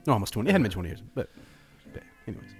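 A man's voice: lowish voice, sing-song, rapid-fire, over loud music. Man, chatty and laughing. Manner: chatty storyteller, laughs often, many restarts. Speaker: podcast co-host. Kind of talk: casual film podcast chat.

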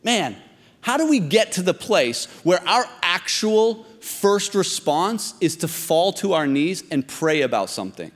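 A man's voice: sits high, very animated, measured pace. A pastor in his thirties preaching a sermon, talking conversationally and then pressing his point with emphasis. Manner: conversational and emphatic, rising to exhortation. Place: church hall. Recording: long reverb of a large hall.

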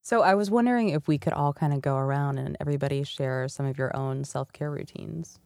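A woman's voice: low voice, brisk, vocal fry, darkish tone, no echo. A woman hosting a casual podcast conversation, encouraging the others with short agreeing sounds.

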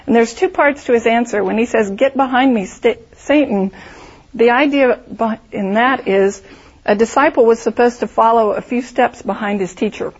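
A woman's voice: fairly high pitch, normal speed, slightly rough, highs cut off. A woman teaching a Bible study, explaining the text through vivid storytelling and imagined scenarios.

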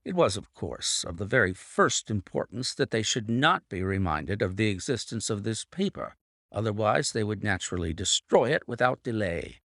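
Brilliant detective laying out his reasoning, low and expressive, read by a male narrator. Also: moderate pace, creaky, no room sound, studio quality, exaggerated voice. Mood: explaining. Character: Sherlock Holmes, brilliant male detective explaining. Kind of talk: audiobook reading.

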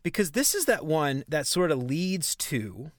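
A man's voice: on the high side, very animated, unhurried, dry recording, studio quality. A man from New Orleans with a New Orleans accent, co-hosting a podcast in casual, rambling chat and laughing often. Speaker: podcast co-host.

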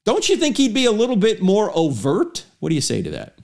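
A man's voice: high voice, huge pitch swings, fairly quick, vocal fry, darkish tone. A man hosting an interview, asking the guest inquisitive questions. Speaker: interview host. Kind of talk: conversational interview.

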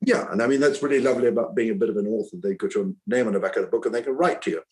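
Speaking very fast in a lowish, slightly mellow voice, an older man who writes and used to teach gives a reflective interview. The recording is low quality, and his talk is earnest and rambling, with sentences often restarted.

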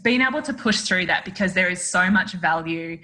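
A woman's voice: on the low side, lively intonation, a little fast, bright, forceful tone. A woman, a photographer who is a guest on a podcast, talking candidly with lots of "like" and "you know". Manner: candid, self-deprecating, many fillers. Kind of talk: casual interview chat.

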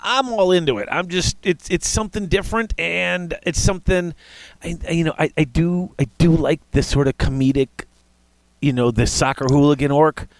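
A man's voice: a little high, moderate pace, dry recording. A man hosting a casual hobby chat, rambling with restarts and fillers. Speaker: podcast host.

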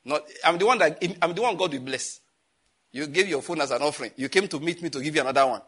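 A man preaching a sermon as pastor, animated and scolding, with jokes and sudden jumps in pitch. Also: fast talker, husky.

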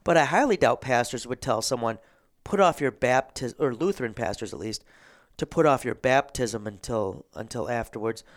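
A male pastor at a middle pitch talks through theology in a reflective way. He pauses often and clears his throat as he leads the conversation. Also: expressive. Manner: thoughtful, with frequent ums and throat clearing. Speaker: Lutheran pastor and host. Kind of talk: theological discussion.

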